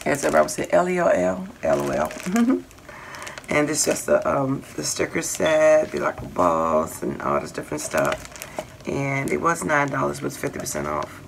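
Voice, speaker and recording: A woman's voice: low voice, vocal fry, background noise. A middle-aged woman hosting a casual crafting haul vlog, chatting in a rambling way and listing her finds with lots of fillers. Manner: chatty, rambling, lists items with many fillers. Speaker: crafting channel host.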